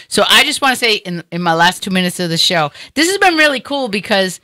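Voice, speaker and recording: A woman's voice: medium pitch, very animated, fast, sharp tone, dry recording. A woman hosting a talk show, chatting casually with a guest in a rambling way with many fillers. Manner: chatty, rambling, lots of "you know". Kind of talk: casual interview chat.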